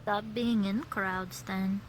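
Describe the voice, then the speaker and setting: Woman, slow, terse, mid pitch, tabletop role-play. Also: steady tone, poor audio.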